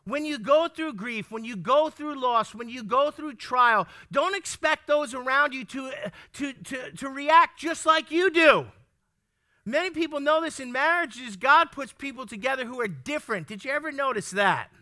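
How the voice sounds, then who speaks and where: Male preacher, high and piercingly bright voice. Emphatic sermon delivery, full of questions to the congregation and repeated points. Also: normal speed, few pauses. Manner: stumbles and restarts words when worked up.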